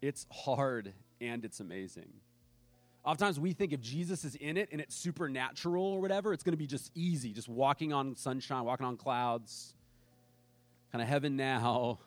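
A man's voice: mid-range voice, moderate pace, no room sound. A man preaching a sermon as pastor, telling a story in a casual way and acting out the people he quotes.

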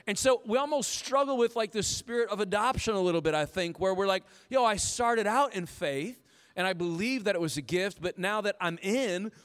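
Man, 30s, pastor, animated sermon, smooth resonant voice, long hall reverb. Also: high voice, moderate pace. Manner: animated, storytelling with self-quotes. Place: church auditorium.

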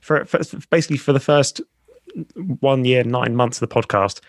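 A man's voice: mid-range voice, moderate pace, no room sound, clean studio sound. Chatty rambling male podcast host. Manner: rambling, self-deprecating storyteller. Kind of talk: casual chat.

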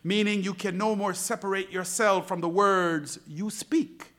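Man preaching, high bright voice, lively pitch, slow deliberate delivery, shouts and whispers. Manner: dramatic, swings from shouting to near-whispers; slow, emphatic repetition. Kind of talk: sermon.

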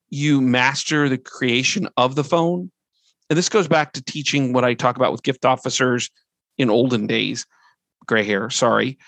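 A middle-aged man of average pitch gives a training talk in a relaxed, earnest way. He moves through his points one at a time. His voice is close and dry, with no room sound. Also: vocal fry, no room sound. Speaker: presenter. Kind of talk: conversational training presentation.

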